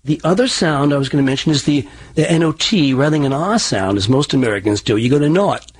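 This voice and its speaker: A man's voice: on the high side, expressive, quick pace, breathy edge. A man who works as a dialect coach, with a partly Irish-tinged accent, explaining in an interview with many restarts. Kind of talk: interview answers.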